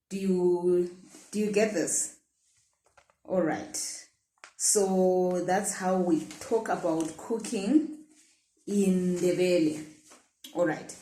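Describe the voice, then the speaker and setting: A woman's voice: lowish voice, warm tone. A woman teaching a language lesson, patiently repeating phrases and modelling the question intonation. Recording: echoey room.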